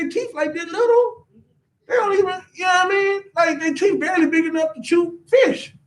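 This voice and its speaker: High-pitched guy ranting to his class, voice all over the place, mic kinda far off. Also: fairly bright tone. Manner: ranting, keeps asking the audience, says "man" a lot. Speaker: class teacher. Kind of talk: animated classroom lecture.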